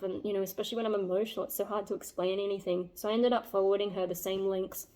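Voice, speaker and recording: A young woman talks through a personal story in a casual vlog. Her voice sits at an ordinary pitch with a soft, mellow warmth. She rambles earnestly, leaning on fillers as she reflects. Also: steady tone, quick pace, hardly any pauses. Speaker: vlogger.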